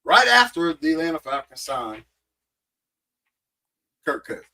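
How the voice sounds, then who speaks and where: Blunt, slangy man, slightly high voice. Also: sing-song, measured pace, vocal fry, pushed and bright, low-quality recording. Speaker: podcast co-host. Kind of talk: casual sports chat.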